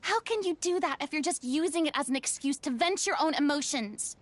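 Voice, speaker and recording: A proud, theatrical young woman, played by an actress scolds and lectures in a stern, commanding way. Her voice sits high and bright in a game cutscene. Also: a little fast, natural voice. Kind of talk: video game voice acting.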